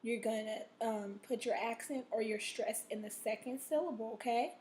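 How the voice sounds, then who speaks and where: Woman teacher with a rough, coughy voice. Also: fairly high pitch, a little mellow, a little hiss or hum. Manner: checks in with "okay?" after nearly every sentence; slow, drawn-out stress on vocabulary words. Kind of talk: recorded reading lesson.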